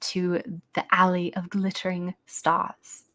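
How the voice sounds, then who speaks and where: A woman voicing a charming, flirtatious, well-dressed man with a smooth, courtly manner. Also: fairly low pitch, monotone, slow, bright, forceful tone, full character voice.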